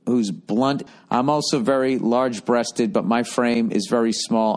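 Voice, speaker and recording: A man's voice: medium pitch, a little mellow. A middle-aged man hosting a podcast, giving advice in a profane, sarcastic, rambling monologue. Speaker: podcast host.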